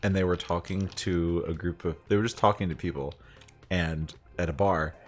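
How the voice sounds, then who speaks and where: A man's voice: deep voice, steady tone, moderate pace. A man from the United States co-hosting a let's play. He chats casually, laughs easily and tells meandering stories. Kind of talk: casual chat, storytelling.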